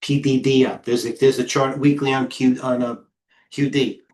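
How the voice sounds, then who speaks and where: A man's voice: medium pitch, little pitch movement, darkish tone. Middle aged guy running a live trading stream, rattling off tickers and buys, mumbling to himself. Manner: rapid-fire ticker calls, talks to himself. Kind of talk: live market commentary while trading.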